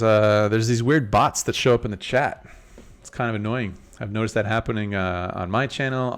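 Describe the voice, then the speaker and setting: A man with a clean, low-leaning voice hosts a relaxed poker live stream from Las Vegas. Chatty and laid-back, he talks through his hands while keeping an eye on the chat.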